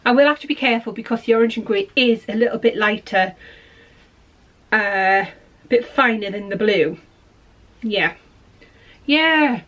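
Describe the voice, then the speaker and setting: A woman's voice: fairly high pitch, unhurried, pauses often, fairly bright tone, muffled recording. A woman hosting a podcast in a casual, rambling, self-deprecating chat. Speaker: podcast host.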